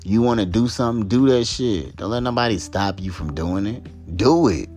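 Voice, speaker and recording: Deep-voiced man ranting with profanity. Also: normal speed, darkish tone, faint music behind. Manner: heated, profane and emphatic, repeating points. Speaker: podcast host. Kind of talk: solo commentary rant.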